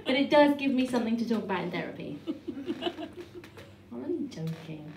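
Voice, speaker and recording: A woman in her thirties, heavily pregnant, performs a stand-up set on a small club stage. Her delivery is dry and self-deprecating, with quick restarts. Her fairly high voice rings around a roomy space, picked up from a distance over steady noise. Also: a crowd in the background. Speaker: stand-up comedian. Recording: echoey club room from far off, noisy.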